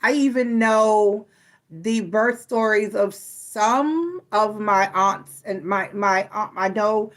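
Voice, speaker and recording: A woman's voice: medium pitch, slow pace. Middle-aged woman, casual tarot host, playful and teasing, close mic. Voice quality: chatty, playful, teasing asides. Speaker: tarot reader and channel host. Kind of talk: casual chat to viewers.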